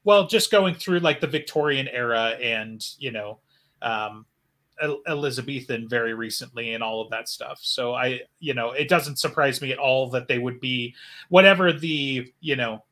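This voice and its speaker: Man, podcast co-host, casual chat, rambling, bright voice. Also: mid-range voice, normal speed. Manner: rambling, many fillers.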